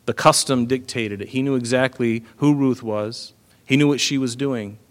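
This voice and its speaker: A pastor with a medium-pitched voice preaches a sermon earnestly and conversationally, often filling pauses with "you know."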